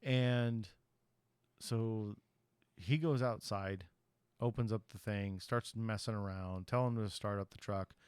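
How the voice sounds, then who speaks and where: A man's voice: fairly low pitch, fairly even intonation, measured pace, clear, resonant tone, no room sound. A man on a podcast casually retelling a horror movie's plot in a rambling way, acting out the characters' lines and swearing loosely. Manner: loose, profane slang. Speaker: podcast host.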